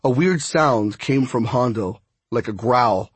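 A man reads a first-person story at an unhurried pace. His voice is husky and breathy. The recording is dry and close, with no room sound. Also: no room sound. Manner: unhurried storytelling, voicing each character with small pitch shifts. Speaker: audiobook narrator. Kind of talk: first-person audiobook narration.

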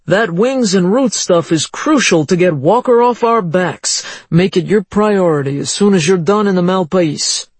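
A narrator reading the lines of a male police lieutenant, brisk and businesslike, giving orders to an officer. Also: medium pitch, breathy edge, no room sound, pitched above the performer's own voice.

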